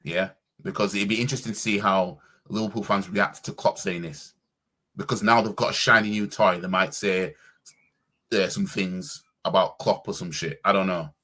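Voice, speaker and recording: A man's voice: low voice, steady tone, moderate pace, pushed and bright. A man reacting casually on a stream as a football fan, with a slangy, stumbling way of talking.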